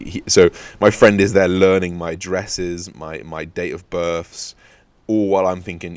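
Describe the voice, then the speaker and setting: A man's voice: low-pitched, unhurried. A young man in his twenties hosting a podcast, telling a casual story full of swearing and acted-out quotes. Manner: swears freely, animated anecdote with acted-out quotes. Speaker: podcast host.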